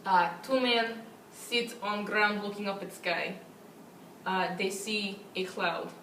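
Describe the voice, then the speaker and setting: A woman doing a dour Eastern European peasant, telling bleak jokes in flat, broken English. She sounds distant in a roomy space with faint noise. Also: medium pitch, slow. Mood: deadpan.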